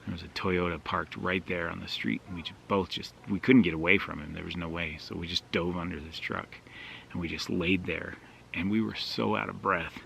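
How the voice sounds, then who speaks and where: A deep-voiced man with a gravelly edge casually spins a rambling anecdote to his camera, full of fillers and self-deprecating asides. He talks outdoors at a campsite with faint ambient sound around him. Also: steady tone, moderate pace, fairly bright tone, a little hiss or hum. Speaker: outdoor vlogger.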